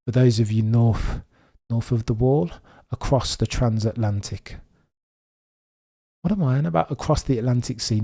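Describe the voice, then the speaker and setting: A man with a mild Birmingham accent hosts a live watchalong stream. He talks in an excitable, chatty way, speaking straight to his viewers as he commentates. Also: medium pitch. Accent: mild Birmingham English. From Birmingham, England.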